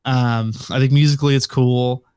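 Rambling young podcast co-host, dry sound. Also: male voice, mid-range voice, steady tone, moderate pace, a little mellow, smooth, no echo. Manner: rambling, many fillers and restarts. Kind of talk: casual chat.

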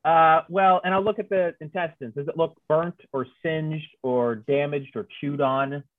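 A man with a slightly high voice talks through his character's moves, joking and restarting his sentences as he thinks. His voice comes through a dull, lo-fi mic, and the sound is dry and close, with no room. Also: steady tone, normal speed, no echo. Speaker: player. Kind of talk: playing a tabletop game over a call.

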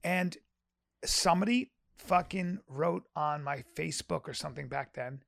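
A man, a stand-up comedian and podcaster, talking in casual chat with rambling, halting restarts and earnest swearing. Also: on the high side, creaky, fairly bright tone, dry recording, studio quality.

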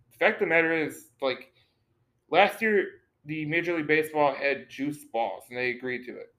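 A man co-hosting a sports talk show in a loose, rambling way. He restarts his sentences and repeats words as he works toward his point, at a middle pitch. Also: a bit bright, low-quality recording. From Detroit area. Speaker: podcast co-host.

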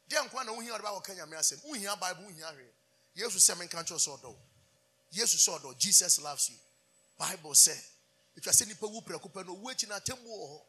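Preacher man, high bright voice kinda husky, fired up call and response. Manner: fervent call-and-response preaching, switching between English and Twi. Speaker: pastor. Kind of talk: sermon.

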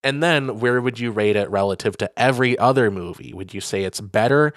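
A man's voice: on the low side, fairly quick, no echo, clean studio sound. A man co-hosting a podcast, chatting casually about movies with lots of fillers and jokes. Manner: rambling, filler-heavy, jokey. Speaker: podcast co-host.

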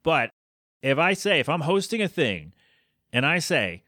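A man hosting a solo podcast, talking casually and ranting with exasperation, his voice climbing higher as he gets worked up. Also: big pitch swings, slow, bright, forceful tone, dry recording, studio quality. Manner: conversational with frequent fillers and self-corrections. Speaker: podcast host.

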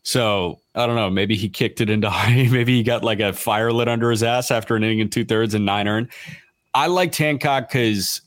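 Low-voiced man, dry close sound. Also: moderate pace, no room sound. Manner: relaxed, hesitant, reads out stats. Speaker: podcast co-host. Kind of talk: casual analytical chat.

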